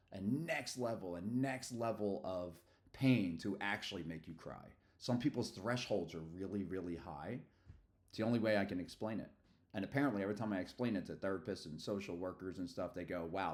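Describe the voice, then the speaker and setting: A man's voice: on the low side, darkish tone. A middle-aged man from Philadelphia, rambling and slangy in casual livestream chat. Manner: rambling and slangy, loose asides. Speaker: streamer.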